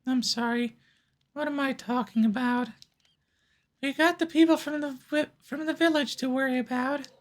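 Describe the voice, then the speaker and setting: A man's voice: very high-pitched, fairly even intonation, normal speed, pitched above the performer's own voice. A man voicing an earnest young woman in a game, anxious and questioning. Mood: worried. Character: earnest young woman, worried about friends. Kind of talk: live game voice-acting.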